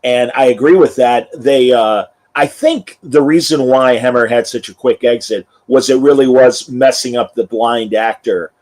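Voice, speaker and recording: A man with an ordinary mid-range voice hosts a relaxed review chat. He talks in an easy, conversational way and reads out listener comments. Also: medium pitch, normal speed, few pauses, rough recording. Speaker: podcast host.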